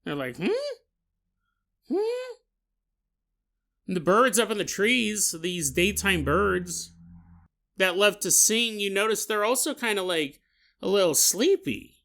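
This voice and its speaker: Bright-voiced joking podcast host. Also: male voice, high voice, a little slow, vocal fry. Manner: joking, animated, laughing asides. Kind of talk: comedic storytelling.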